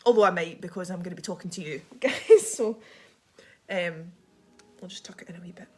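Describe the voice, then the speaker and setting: Scottish woman, young, rapid rambling chat, lower voice, livestream host. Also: darkish tone. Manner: fast, chatty, rambling with many ums.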